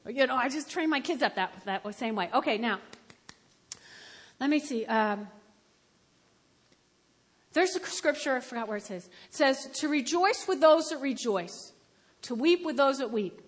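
An older woman with a high voice preaches a sermon, moving from homely storytelling to loud, emphatic appeals. Her voice rings through a big hall with a long reverb tail. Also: lively intonation, a little slow, long pauses, breathy edge. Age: about 70.

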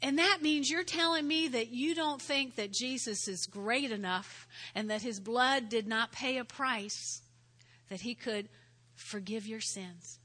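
Bright-voiced woman pastor preaching. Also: a little high, a little slow. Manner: earnest, repeats words, drops to a soft prayerful tone. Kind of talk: sermon with altar call.

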